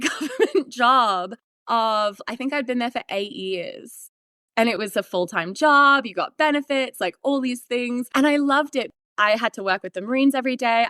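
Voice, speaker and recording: A woman in her thirties tells her story as a podcast guest, bright and animated. Her voice sits a little high, and she laughs often and plays out her past remarks. The sound is dry and close. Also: no room sound. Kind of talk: storytelling in a casual interview.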